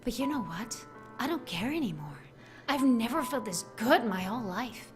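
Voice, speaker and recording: Brief: woman reading a lovesick, obsessive girl; hushed, intense, slightly high voice. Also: animated, normal speed, over music, close to an everyday voice. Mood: intense devotion. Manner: soft, hushed, intense confession. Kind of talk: reading game dialogue aloud.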